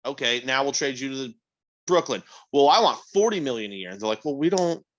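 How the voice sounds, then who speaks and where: A man's voice: mid-range voice, sing-song, fast talker, a bit bright, highs cut off. A man in his thirties, a podcast co-host in casual chat, rambling and acting out quotes in different voices. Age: 30s.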